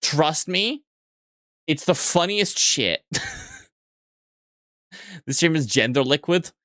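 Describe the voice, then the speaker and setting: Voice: medium pitch, expressive, slow pace, bright, forceful tone, no room sound, clean studio sound. A streamer chatting casually with viewers, joking crudely, swearing often and rambling through restarted sentences. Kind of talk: casual livestream chat with viewers.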